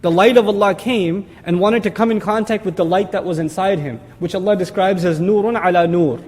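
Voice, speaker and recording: A man giving an explanatory religious lecture as a teacher, animated and emphatic, with sarcastic asides. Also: high-pitched, brisk, in a large hall. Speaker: Quran teacher.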